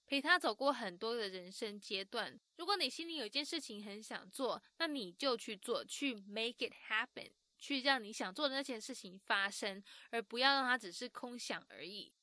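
A woman narrates in a bright, high, ringing voice. She tells the story with lively, scripted energy and drops in English words now and then. The sound is close and dry. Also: moderate pace, hardly any pauses, dry recording. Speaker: host and narrator.

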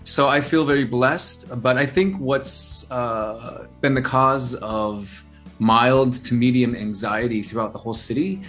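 Animated male storyteller, lots of "uh". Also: medium pitch, a little slow, soft background music. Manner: animated storyteller, many fillers and restarts. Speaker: interview guest, singer-songwriter. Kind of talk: casual phone-style chat.

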